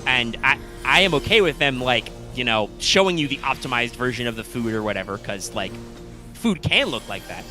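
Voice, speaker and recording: A man's voice: medium pitch, lively intonation, normal speed, music in the background. A young man co-hosting a live stream, chatting casually in a rambling, self-interrupting way with frequent swearing. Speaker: co-host of a live stream show.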